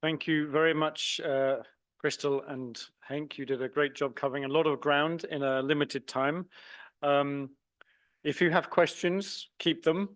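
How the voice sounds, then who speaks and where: A man moderating a conference, thanking the speakers and introducing the next session in a brisk, friendly way. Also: a little high, fairly even intonation, fairly bright tone, no room sound.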